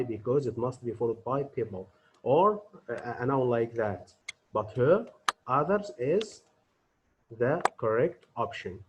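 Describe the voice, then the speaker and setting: A man teaching an English grammar lesson. He talks deliberately, asks his students questions and answers them himself. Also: medium pitch, sharp tone, slight background noise, low-quality recording.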